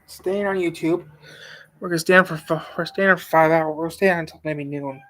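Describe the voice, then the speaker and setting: A woman's voice: low-pitched, steady tone, moderate pace, a bit bright. A woman vlogging at home, rambling and thinking aloud while talking to herself and her cat. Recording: distant mic with faint noise.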